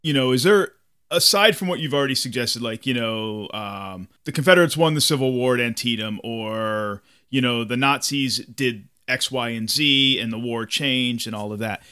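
A man's voice: medium pitch, normal speed, bright, forceful tone, smooth, no echo, studio quality. A man hosting a gaming podcast, asking a rambling, casual question. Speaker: podcast host. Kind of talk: podcast interview.

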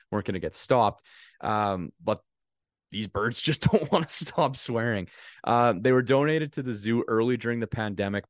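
A man's voice: on the low side, no echo, clean studio sound. A man co-hosting a casual podcast, joking around, laughing often and swearing freely. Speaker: podcast co-host.

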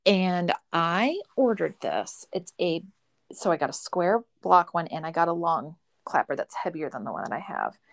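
A woman's voice: on the low side, animated, moderate pace, creaky, dry recording, studio quality. A woman co-hosting a podcast in casual chat, chatty, trailing off mid-sentence and laughing often. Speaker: podcast co-host.

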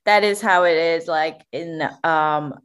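A woman's voice: low-pitched, slow. A young woman from Macau co-hosting a podcast in a casual chat, talking loosely with lots of fillers and laughs. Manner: chatty, laughs often, many fillers. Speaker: podcast co-host.

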